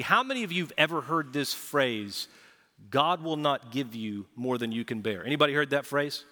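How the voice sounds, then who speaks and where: A man preaching a sermon to a congregation, lively and quick to act out little dialogues. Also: on the high side. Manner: animated preaching, acts out quoted dialogue. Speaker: pastor. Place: large church auditorium. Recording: live church hall reverb.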